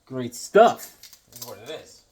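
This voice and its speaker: Slow and sing-song, his medium-pitched voice a little mellow, a tired middle-aged man rambles and jokes while displaying old comics for his collector vlog. Along the way he reads lines from the comics aloud in this casual show-and-tell.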